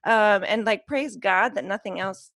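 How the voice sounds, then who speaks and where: Earnest woman with a gravelly edge. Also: mid-range voice, a bit bright, no echo, clean studio sound. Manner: earnest, halting, many restarts and fillers. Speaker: podcast guest. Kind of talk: casual chat.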